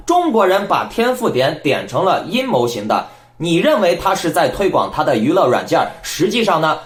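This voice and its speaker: A man's voice: fairly high pitch, echoey room. A man hosting a political commentary channel, talking in an emphatic, lecturing way.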